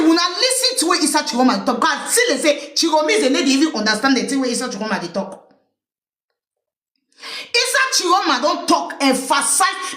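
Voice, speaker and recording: Cameroonian woman hosting a livestream, animated, high voice, echoey room. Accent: Cameroonian Pidgin English. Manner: animated, fires rhetorical questions at listeners. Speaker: livestream host. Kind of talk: casual political commentary.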